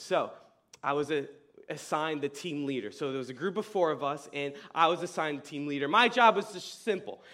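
Young male youth pastor with a slightly high voice, casual storytelling sermon, animated and slangy, with sudden loud bursts and quiet earnest stretches.

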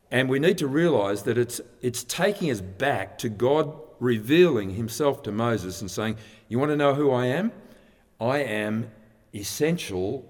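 A man delivers a sermon at a middle pitch, walking his listeners through scripture in a plain, conversational teaching manner. He often restarts his phrases as he explains. His voice carries a long hall reverb. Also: a little mellow. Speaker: preacher.

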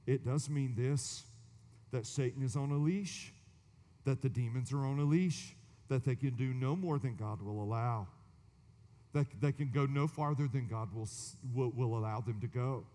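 A man's voice: mid-range voice, moderate pace, warm tone, big-room sound. A man preaching a sermon, dramatic, dropping to whispers and rising for emphasis, with sarcastic asides. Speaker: pastor.

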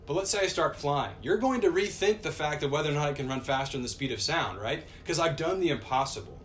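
A man's voice: fairly high pitch, expressive, fast, a bit bright, a little hiss or hum. A man preaching a sermon to a congregation in a conversational style, often checking in with "right?". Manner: conversational, keeps asking "right?".

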